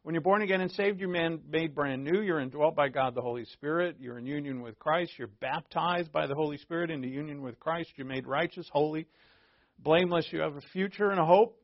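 A man with a somewhat high voice teaches a Bible passage verse by verse, talking it through casually and restarting phrases as he goes. The recording sounds dry and a little dull, with no room around him. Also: fairly quick, no echo. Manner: conversational and digressive, with frequent restarts; explains terms plainly for listeners.

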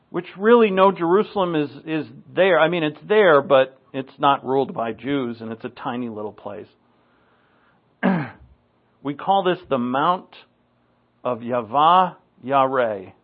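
New england guy preaching, chatty and dry-humored, sounds like it's over a phone. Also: on the high side. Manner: conversational and wry, with asides and dry jokes. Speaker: pastor. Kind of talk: Bible teaching sermon. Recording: tinny phone-like recording.

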